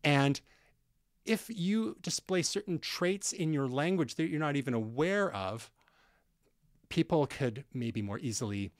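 A man from Canada co-hosts a technology podcast, walking through the news in an easygoing, rambling way. His voice sits a little high, and the recording is dry and close, with no room sound. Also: lively intonation, a little slow, no echo. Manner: conversational, explains with frequent fillers and restarts. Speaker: podcast co-host. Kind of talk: casual tech podcast chat.

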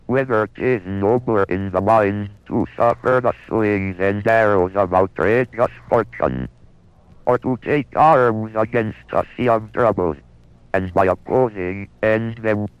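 A flat, buzzing early speech computer. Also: male voice, lowish voice, takes it slowly, smooth, no room sound. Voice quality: flat, monotonous, with an electronic twang. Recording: dull lo-fi archive recording with faint music.

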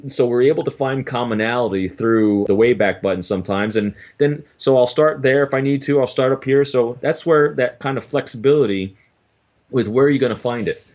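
A man's voice: medium pitch, a little fast. An earnest middle-aged man with a mid-range voice explains his ideas, restarting his sentences as he goes. The sound is dull and slightly lo-fi. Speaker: guest, former FBI agent. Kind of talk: conversational interview.

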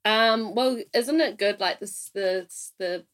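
A woman's voice: medium pitch, slow pace, fairly bright tone. A woman co-hosting a podcast, chatty and giggly, often trailing off mid-sentence. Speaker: podcast co-host. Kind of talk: casual chat and guest introduction.

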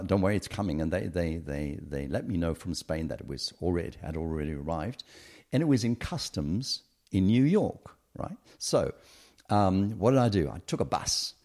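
A British man, a podcast guest, telling a personal story in a lively way and acting out the people in it. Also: rumbling low. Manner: animated, acts out the people in his stories. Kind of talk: conversational storytelling.

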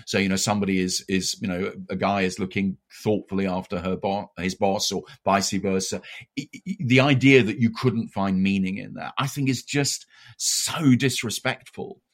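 A man's voice: sits low, moderate pace. Thoughtful man with an English RP accent. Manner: thoughtful, searching for words. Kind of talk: conversational discussion.

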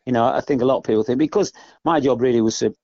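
A man's voice: mid-range voice, very fast, warm tone, dry recording. An older man, a former footballer, chatting casually as a podcast guest, rambling and often adding "you know what I mean". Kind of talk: casual interview chat. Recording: dull lo-fi dry podcast audio.

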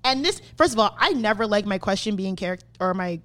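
In a fairly quick, medium-pitched voice, a young female podcast host relates a story in loose, profanity-laced conversation. She animates it by acting out what others said.

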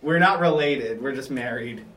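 A man's voice: mid-range voice, moderate pace, a bit bright. A man telling a story in casual podcast chat, rambling with lots of fillers. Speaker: podcast host. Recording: roomy and a bit distant, faint noise.

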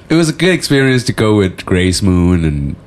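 A man's voice: fairly low pitch, big pitch swings, unhurried, slight background noise. A man chatting casually on a podcast, laughing often and swearing loosely.

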